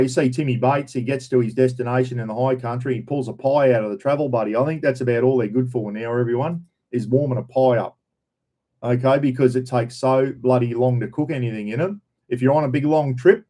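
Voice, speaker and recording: A man with an Australian accent and a medium-pitched, dark voice hosts a casual live chat for his camping channel. He greets viewers in a rambling, folksy way, saying "mate" and "bloody" a lot.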